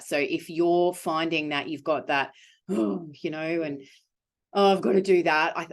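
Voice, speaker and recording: A woman, a business owner answering interview questions in a frank, emphatic, upbeat way. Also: low voice.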